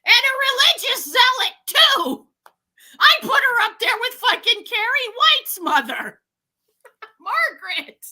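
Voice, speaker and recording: A woman's voice: very high voice, big pitch swings, takes it slowly, bright, forceful tone. A woman co-hosting a casual film review, ranting profanely and laughing often. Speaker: podcast co-host.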